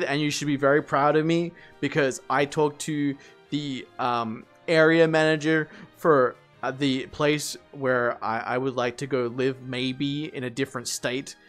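A man chatting casually on a livestream, rambling, swearing and laughing often. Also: medium pitch.

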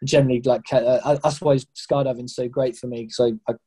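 A young adult man from England with an English accent, a skydiving guest who talks in a halting way with many repeated words and fillers. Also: mid-range voice, little pitch movement, warm tone, breathy edge, rough recording. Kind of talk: casual podcast interview.

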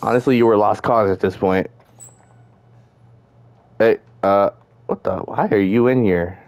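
A man's voice: on the low side, a little slow, darkish tone, dry recording. A man playing a video game and commenting casually, swearing and joking as he reacts. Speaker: gaming streamer. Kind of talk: let's play commentary.

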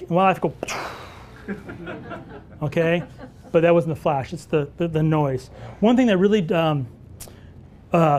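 A man teaching wildlife photography at a live workshop, telling stories and answering audience questions in an animated way. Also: high voice. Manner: animated storyteller who acts out dialogue.

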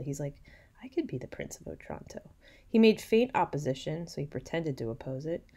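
A young woman with a low, mellow voice gives a relaxed literature lecture. She reads old passages aloud with theatrical flair, then recasts them in slangy everyday paraphrase. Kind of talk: casual recorded lecture, reading aloud and paraphrasing.

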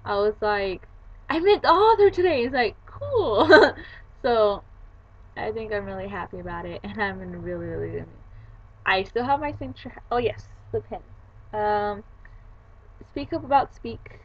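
A woman's voice: mid-range voice, moderate pace, muffled recording. A young woman vlogging casually about books, retelling her day in a chatty way with quoted voices. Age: young adult. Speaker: book vlogger. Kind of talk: casual chat.

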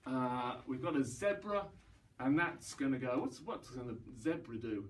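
A man's voice: mid-range voice, expressive, normal speed, recorded from a distance. A man leading an online library song session for young children, with a cheerful, encouraging manner. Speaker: library rhyme-time leader. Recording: voice away from mic.

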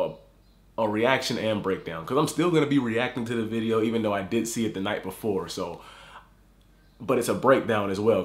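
A man with a lowish voice hosts a YouTube reaction video, ranting angrily and swearing as he fires off words and repeats himself. The audio has a roomy sound.

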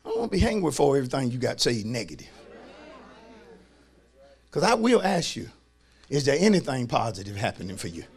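A male pastor preaching a sermon in church, swinging from soft asides to shouting and calling on the congregation to respond. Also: medium pitch, very animated, a little fast, long pauses, breathy edge, faint music behind. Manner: colloquial, calls on the congregation to respond.

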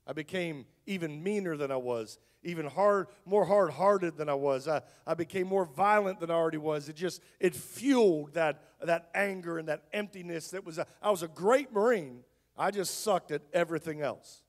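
A man's voice: high-pitched, normal speed. A man who is a pastor, telling his testimony in a sermon in a conversational storytelling style, with joking asides.

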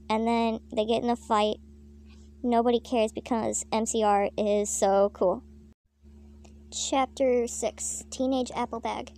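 A woman reading her own comic fanfiction aloud, deadpan with crude, swearing asides. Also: fairly high pitch, takes it slowly, no echo. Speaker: fanfiction reader.

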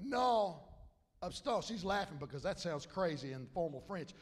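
A man preaching a sermon as pastor, with loud rises and cries of amen and hallelujah. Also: a little high, brisk. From South Louisiana.

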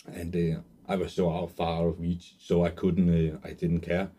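A man in his twenties telling an earnest, emotional personal story as a sales pitch, with many fillers and restarts. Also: little pitch movement, moderate pace, dark tone, husky. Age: 20s. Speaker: online marketer pitching a course.

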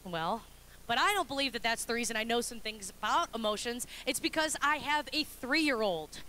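A young adult woman pastor preaching a sermon with animated, humorous storytelling. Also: fairly high pitch, normal speed, a little hiss or hum.

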